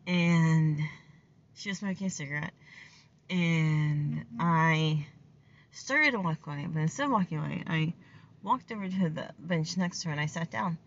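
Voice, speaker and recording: A woman's voice: deep voice, moderate pace, highs cut off. A woman telling a personal story in a casual, rambling way, full of fillers and small laughs. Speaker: vlogger.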